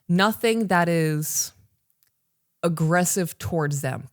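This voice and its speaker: Co-hosting a parenting podcast that's recorded live for online patrons, this thirtysomething woman talks casually but emphatically, addressing the listener head-on. She has a fairly low pitch and takes her time. The sound is dry and of studio quality.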